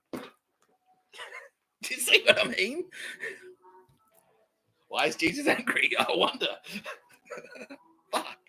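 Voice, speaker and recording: A very animated Australian podcaster speaks slowly in a high, gravelly, slightly rough voice with a sharp tone, pausing often, on a rough recording. His rambling comic monologue is full of laughter, swearing and acted-out dialogue.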